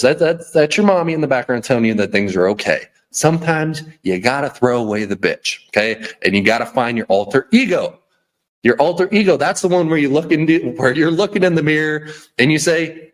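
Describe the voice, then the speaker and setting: A man's voice: on the high side, big pitch swings, fairly quick. A man hosting a podcast, giving a blunt, preachy motivational rant full of repeats and "okay?". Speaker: podcast host.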